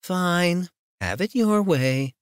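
A man putting on a breathy, teasing young woman. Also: a little high, very animated, unhurried, dry recording, clean studio sound, voice pushed up. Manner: teasing, sing-song.

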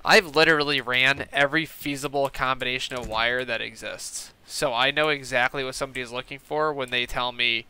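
A man's voice: mid-range voice, steady tone, brisk, few pauses, pushed and bright, clean tone. A man streaming a game and chatting casually with a friend, swearing a lot and telling stories emphatically. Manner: heavy swearing, emphatic storytelling. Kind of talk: casual chat while gaming.

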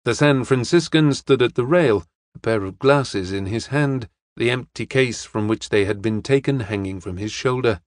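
A man narrating an audiobook in an even, steady storytelling manner. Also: mid-range voice, normal speed, no echo, studio quality.

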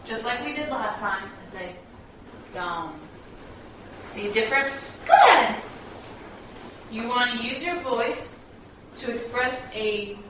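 A woman dog trainer giving a casual hands-on lesson indoors at home, explaining commands and breaking into high sing-song praise for the dog. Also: bright, forceful tone, a little hiss or hum. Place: small room indoors in a house. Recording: echoey room, distant camera mic.

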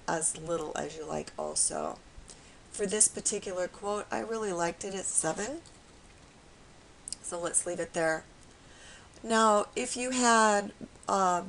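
A woman with a raspy voice today, calmly walking viewers through a step-by-step software tutorial. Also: fairly low pitch, slight background noise, rough recording. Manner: calm, explanatory, with frequent fillers.

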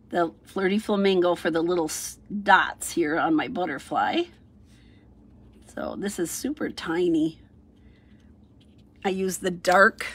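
A middle-aged woman talks through a stamping and coloring project in an easy, rambling way, narrating each step as she works. Her voice sits a little low and has a slightly husky edge. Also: fairly bright tone. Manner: chatty, thinks aloud, sing-song "ta-da" while working. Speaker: craft demonstrator. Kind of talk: casual craft tutorial narration.

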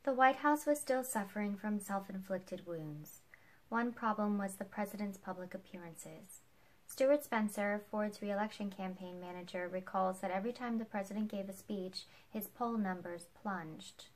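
A woman reading a nonfiction book aloud, with lively delivery of quoted lines. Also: mid-range voice, normal speed. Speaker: book reader.

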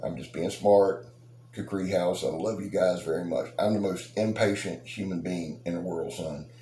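This middle-aged knife-channel host rambles, jokes and brags in a casual chat with his subscribers while outside. His mellow voice sits low, at a moderate pace, with roomy echo and faint noise in the recording.

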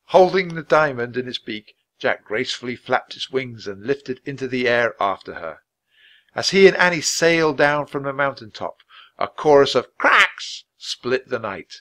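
Bright, lively male storyteller. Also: medium pitch. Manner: expressive, clear, measured storytelling. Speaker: storybook reader. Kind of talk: reading a children's book aloud.

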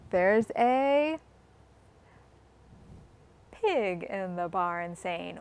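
A woman, a children's librarian, reading a rhyme to young children in a slow, sing-song way and inviting them to join in. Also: mid-range voice, expressive.

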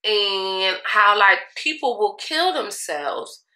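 Speaking at a slow pace, a young beauty vlogger has a mid-range, animated voice with a sharp tone. She chats sassily with her viewers while getting ready, laughing often, in a casual get-ready-with-me recorded in an echoey room.

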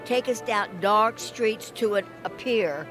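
A woman's voice: medium pitch, slow pace, music in the background. A woman at a travel expo, telling a travel story hesitantly with many fillers. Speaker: interviewee. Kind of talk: casual storytelling. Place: busy travel expo hall.

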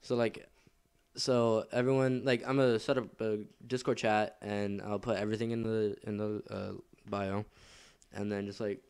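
A man's voice: fairly low pitch, clear, resonant tone. A man co-hosting a casual podcast, rambling with lots of "like" and casual swearing. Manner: rambling, many fillers and restarts, swears casually. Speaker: podcast co-host. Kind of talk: casual chat.

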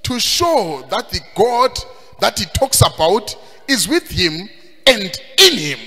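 A man preaching a sermon, emphatic and sing-song, rising at times to shouts. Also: high-pitched, very animated, takes it slowly. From Zimbabwe. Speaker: pastor. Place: church hall. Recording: long hall reverb.

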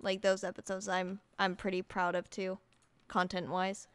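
A woman on a podcast, talking casually with hesitant pauses. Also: medium pitch, completely flat delivery, smooth, no echo, studio quality.

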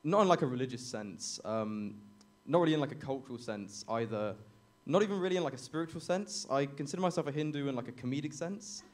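A man's voice: medium pitch, lively intonation, fast. A young man doing a stand-up comedy set on a club stage, awkward and self-deprecating, chuckling at his own jokes into a handheld mic.

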